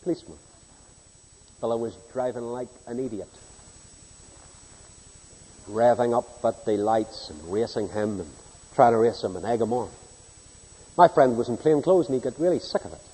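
A man preaching a sermon in a large hall with a long, ringing reverb. His voice is dark and a little husky, and his pitch jumps around a lot as he acts out the people in his stories. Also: expressive, moderate pace, long pauses. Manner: storytelling, mimics people in anecdotes, swings from hushed to loud.

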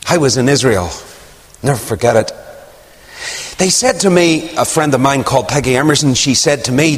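A man preaching a sermon, telling a story with sudden high swoops of emphasis and hushed low asides. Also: moderate pace, long pauses. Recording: long hall reverb.

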